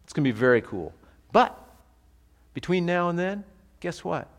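A pastor teaching a sermon in a conversational, animated way, asking the congregation rhetorical questions. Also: male voice, fairly high pitch, moderate pace, in a large hall.

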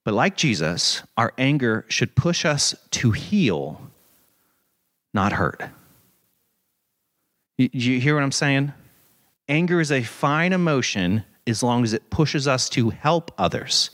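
A man preaching a sermon in an animated, conversational way, with dramatic scripture readings. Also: mid-range voice, slow, long pauses. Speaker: pastor.

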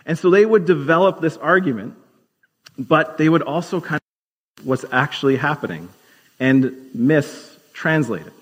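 A man preaching a sermon as pastor, explaining scripture in a conversational teaching manner and slowing down to stress key words. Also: on the high side, breathy edge. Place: church sanctuary. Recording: long hall reverb.

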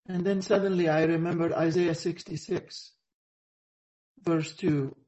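A man preaching a sermon over a video call, earnest and reflective, pausing often. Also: a little high, steady tone, darkish tone, low-quality recording. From Egypt. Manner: earnest, reflective, halting with frequent pauses.

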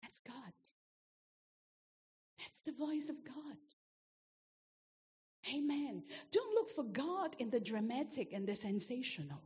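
A woman's voice: sits high, sing-song, slow pace, long pauses, darkish tone, dull audio. Emphatic woman preacher in a reverberant hall. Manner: emphatic, repetitive exhortation, rhetorical questions to the congregation. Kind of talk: sermon.

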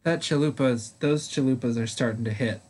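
A man's voice: mid-range voice, fairly quick, darkish tone, breathy edge. A young man co-hosting a podcast, chatting casually in a goofy, rambling way. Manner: goofy, rambling, full of fillers. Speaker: podcast co-host. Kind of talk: casual chat.

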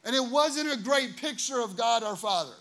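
A man in his thirties, a pastor preaching a sermon, telling a story with lively asides and acted-out quotes. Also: extremely high pitch, normal speed. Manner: animated, acts out quotes, many "you know what I mean" asides.

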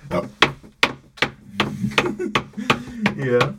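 A man's voice: lowish voice, takes it slowly, pauses often, background noise. A man hosting a podcast, rambling in a playful, profane way from a small closet into a microphone. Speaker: podcast host. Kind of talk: casual podcast monologue. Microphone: studio microphone.

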